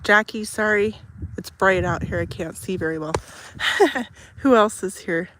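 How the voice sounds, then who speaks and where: A woman chats slowly and easily to her livestream viewers as she walks through her garden. Her handheld phone picks up her voice outdoors. A faint wash of outdoor ambience sits behind her. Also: medium pitch, slight background noise. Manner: chatty, coos softly to her animals. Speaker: livestream host. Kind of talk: casual livestream chat. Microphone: phone held in hand.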